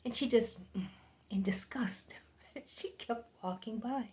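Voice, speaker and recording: Older woman telling a story, chatty, laughs a lot, slow and easy, mellow voice. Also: fairly high pitch. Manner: chatty, laughs often, repeats for emphasis. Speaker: vlogger. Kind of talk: personal storytelling.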